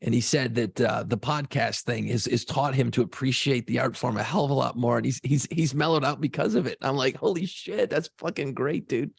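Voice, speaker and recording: A man co-hosting a podcast, a former radio DJ telling stories in a casual, profane, animated way. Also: medium pitch, brisk, gravelly, hardly any pauses, slightly rough, no room sound. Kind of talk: casual chat.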